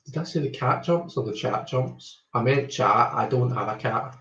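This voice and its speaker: A man's voice: mid-range voice, moderate pace, a bit bright. A Scottish man hosting a tarot live stream, greeting viewers one by one in a rambling, casual chat full of ums. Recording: roomy, slightly dull home stream audio.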